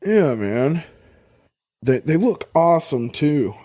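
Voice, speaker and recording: A man's voice: on the high side, big pitch swings, takes it slowly, warm tone. A man co-hosting a podcast in casual chat, congested with a cold, joking and teasing and laughing often. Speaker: podcast co-host.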